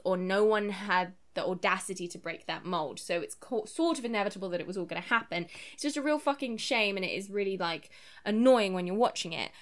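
A woman co-hosting a podcast, reviewing a film in casual chat, animated and quick with asides, swearing freely and mock-quoting the characters. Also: mid-range voice. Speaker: podcast co-host.

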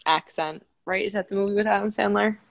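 A woman's voice: medium pitch, steady tone, fast, gravelly. A woman in casual chat, teasing and laughing often.

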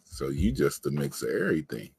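Deep husky male interviewer. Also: big pitch swings, brisk, darkish tone, no echo. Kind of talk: casual interview questions.

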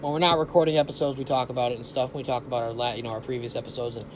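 A man's voice: medium pitch, fairly even intonation, racing, a little hiss or hum. A man co-hosting a podcast, chatting casually with a rambling, swearing manner and many fillers. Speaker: podcast co-host. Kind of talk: casual chat.

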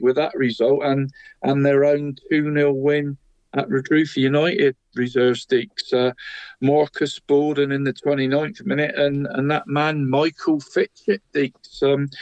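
Brief man, slightly high voice, chatty results round-up, dry dull lo-fi sound. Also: level tone, a little slow, a little mellow, no echo. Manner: chatty, calls his co-host "mate" constantly. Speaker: co-host of a local football podcast.

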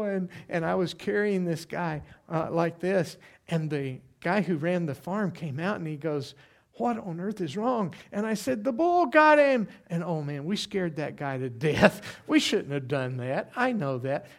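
Folksy, animated man preaching a sermon. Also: on the high side. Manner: folksy, animated storytelling with frequent "okay?" asides. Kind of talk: sermon with personal stories.

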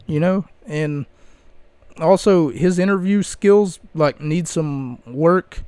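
Man, podcast host, slightly high voice, dry close mic, rambling casual chat. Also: unhurried, darkish tone, smooth, no room sound. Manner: rambling, chatty, frequent fillers. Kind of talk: casual solo commentary. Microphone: close microphone.

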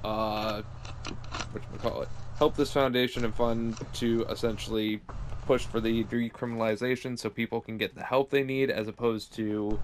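A man co-hosting a podcast, reading out news in a laid-back, casual way with frequent "uh"s and pauses. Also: on the low side, darkish tone, slight background noise. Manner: laid-back, hesitant, many fillers. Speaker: podcast co-host, news anchor.

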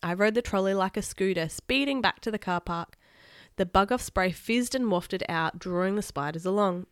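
A woman's voice: mid-range voice, moderate pace, smooth, no echo, studio quality. Woman reading a children's book aloud. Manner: animated, with sound effects.

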